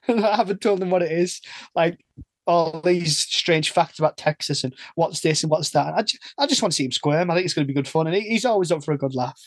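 A man's voice: a little high, fairly quick, dry recording. Chatty English man, bone-dry sound. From England. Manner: chatty, rambling, self-interrupting. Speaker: podcast host. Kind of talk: casual chat.

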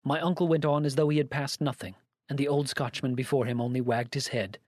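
A man narrating a story aloud in a measured, even reading voice. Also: mid-range voice, no echo, studio quality. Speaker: audiobook narrator.

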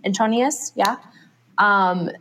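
A woman's voice: medium pitch, slow, slight background noise. A woman co-hosting a book podcast, chatting casually, laughing often and acting out scenes. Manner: animated, laughs often, acts out quotes. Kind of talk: casual chat.

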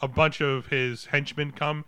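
A man co-hosting a relaxed movie podcast, rattling off behind-the-scenes facts with a bright, forward voice. He's recorded close and dry, with no room around him. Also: fairly high pitch, measured pace, smooth, no echo. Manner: shares movie trivia, quizzes the others. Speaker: podcast co-host. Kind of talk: casual movie review chat.

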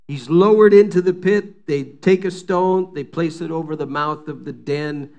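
A man's voice: a little high, a little mellow. A man preaching a sermon, retelling a scripture story in a casual, storytelling way and acting out the quoted lines. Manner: storytelling, acts out the quotes with rising intensity.

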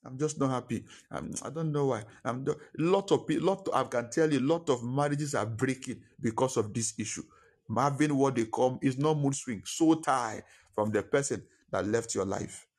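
A man delivers a Sunday sermon at an ordinary pitch, hammering his points home. He repeats key phrases for emphasis and talks straight to the congregation. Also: moderate pace, darkish tone, husky. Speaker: preacher.

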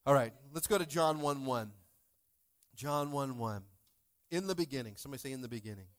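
A man's voice: medium pitch, animated, brisk. Joking male pastor preaching a sermon. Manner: joking, playful asides to the congregation; swings between loud bursts and soft asides. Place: church sanctuary.

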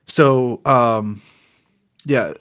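A young man from Florida co-hosting a podcast in casual chat, excitable, with loud bursts of laughter and stumbling restarts. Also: mid-range voice, drawn-out words, smooth. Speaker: podcast co-host. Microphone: home computer mic on a call.

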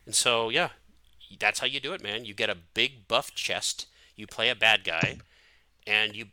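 A man's voice: fairly low pitch, moderate pace, sharp tone, smooth, dry recording. A man hosting a podcast, chatting animatedly about an old film with lots of fillers. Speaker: podcast host. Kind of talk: casual film chat.

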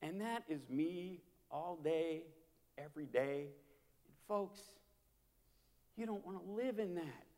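A man preaching a sermon as a pastor, impassioned and repetitive, swinging from hushed to loud. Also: on the high side, takes it slowly, long pauses. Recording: long hall reverb.

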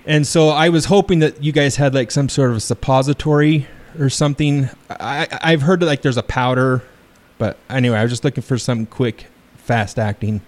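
A man's voice: medium pitch, steady tone, a little fast, few pauses. A man hosting a podcast, making a prank phone call with feigned earnest worry and a straight face. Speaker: podcast host.

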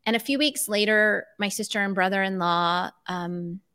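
A woman's voice: medium pitch, moderate pace, smooth. A middle-aged woman, a life coach, telling a personal story in conversation and acting out remembered dialogue. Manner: animated, acts out remembered dialogue.

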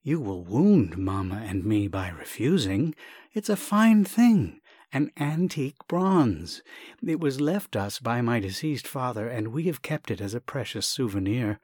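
A man's voice: mid-range voice, very animated, a little slow, a little mellow, husky, no echo. A man voicing a nervous, over-polite young man in a dry storybook reading, agitated and repeating himself. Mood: agitated pleading. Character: earnest nervous young man, fussy and grateful.

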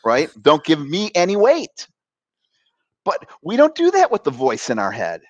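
A man's voice: a little high, wildly swooping pitch, measured pace, no room sound, lo-fi sound. A man, a coach being interviewed, explaining ideas in a conversational way and acting out quoted voices with animation.

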